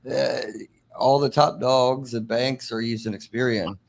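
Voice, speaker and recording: A man on a live stream as a guest, explaining credit questions in a relaxed, chatty way. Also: medium pitch, unhurried, gravelly. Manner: relaxed, explanatory, laughs easily. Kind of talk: casual live stream chat.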